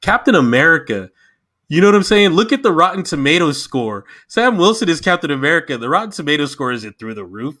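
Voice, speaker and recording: A man's voice: fairly high pitch, moderate pace. A man in casual chat on a podcast, talking with passion and getting emotional as he reviews a show. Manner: impassioned, animated. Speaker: podcast guest.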